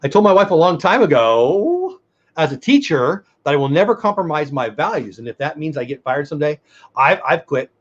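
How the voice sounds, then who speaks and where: A man's voice: on the high side, big pitch swings, fairly quick, muffled recording. A middle-aged man co-hosting a casual livestream chat, earnest and rambling as he reads the chat aloud. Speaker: podcast co-host.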